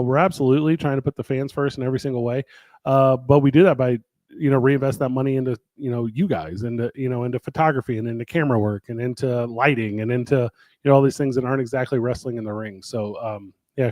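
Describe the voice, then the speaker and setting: A man in an easygoing hosted chat, winding through his thoughts with frequent fillers and self-corrections. His voice sits at an everyday middle pitch, recorded close and dry with no room sound. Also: darkish tone, no echo. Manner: rambling, many fillers and restarts. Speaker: wrestling promotion host. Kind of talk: casual chat.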